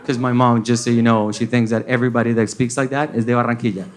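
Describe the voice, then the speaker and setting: A man's voice: mid-range voice, level tone, fast talker, background noise. A man from Colombia with a Colombian accent, doing a stand-up set that mixes English and Spanish and acts out the people in his stories. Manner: switches between English and Spanish, acts out characters. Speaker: stand-up comedian. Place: comedy club stage with audience.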